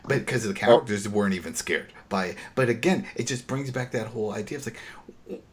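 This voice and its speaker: Podcast co-host, male, lowish voice, animated and exasperated while recapping, stumbles and restarts. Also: fairly quick. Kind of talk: casual podcast episode recap.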